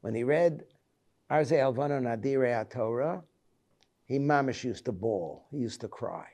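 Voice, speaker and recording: A rabbi in his seventies speaks at a middle pitch with a gravelly, creaky edge. His reflective holiday lecture moves haltingly as he recalls personal stories. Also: darkish tone. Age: 70s. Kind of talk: reflective Tisha B'Av lecture.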